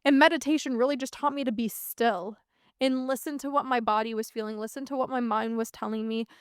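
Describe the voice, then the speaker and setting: Woman, 30s, podcast host; high, clear voice, casual swearing, dry close sound. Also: fairly even intonation, brisk, dry recording. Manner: candid, earnest, swears casually. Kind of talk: reflective solo podcast monologue.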